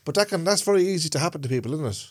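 A man's voice: fairly high pitch, lively intonation, rapid-fire, husky, dry recording. Middle-aged Irish Traveller man, co-host, rambling chat, dry close sound. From Ireland. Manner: rambling, keeps checking he is understood. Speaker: podcast co-host. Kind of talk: casual chat.

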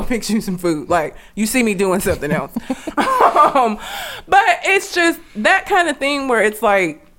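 Young female co-host, animated and ranty, bright high register, lots of laughter. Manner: animated, laughing, swearing, ranting. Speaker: podcast co-host. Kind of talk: casual chat.

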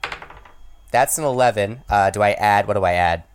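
Deep-voiced wisecracking man at the game table. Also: fairly quick, slight background noise. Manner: wisecracking, joking. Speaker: player. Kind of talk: casual tabletop game chat.

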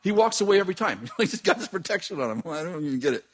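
A man preaching and telling a dramatic personal story, laughing often and shouting at the peaks. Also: high voice, fast, breathy edge. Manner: animated, laughing, shouting at climaxes. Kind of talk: sermon storytelling.

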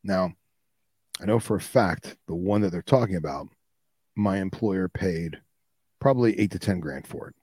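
Husky low-voiced man debating. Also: normal speed, long pauses, warm tone, no room sound. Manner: argumentative, acts out quotes from others. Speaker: podcast co-host. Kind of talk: casual chat.

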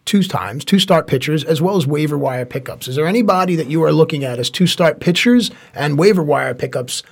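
A man hosting a casual fantasy baseball podcast, enthusiastic and quick to laugh. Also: fairly high pitch, creaky, breathy edge. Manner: enthusiastic, laughs often, animated. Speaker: podcast host. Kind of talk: casual sports podcast chat.

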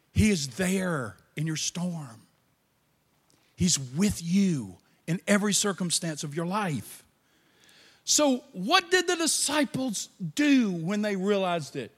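A man preaching a sermon as pastor, animated, with quiet asides. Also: high voice, slow pace. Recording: long reverb of a large hall.

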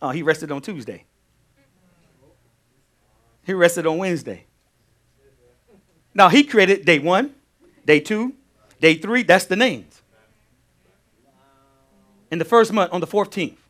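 Animated, high-voiced male pastor. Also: slow, long pauses. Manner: animated, repeats phrases, asks the congregation questions. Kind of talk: sermon teaching.

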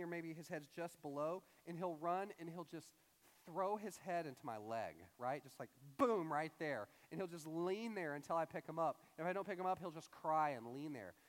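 A young man preaching a casual, conversational sermon as a pastor, animated and acting out quoted voices. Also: a little high, long reverb tail.

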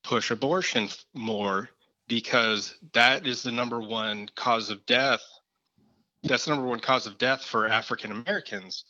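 A man's voice: medium pitch, moderate pace, pushed and bright, dry recording, highs cut off. A male guest talking earnestly in a casual way, often saying "like". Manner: earnest, uses fillers like "like". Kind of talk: casual talk.

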